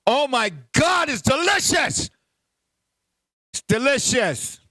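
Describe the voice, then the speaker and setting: A man, hosting a casual show, loud and animated with lots of profanity. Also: extremely high pitch, slow pace, dry recording. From Puerto Rico heritage, New York. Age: 50s. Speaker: podcast host. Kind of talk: casual banter.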